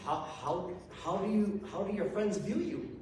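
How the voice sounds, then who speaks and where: High-voiced man preaching casually. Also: moderate pace, crowd noise. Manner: casual, self-deprecating, chuckling asides. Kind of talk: conversational sermon. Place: church hall with a congregation. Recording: echoey hall from far off.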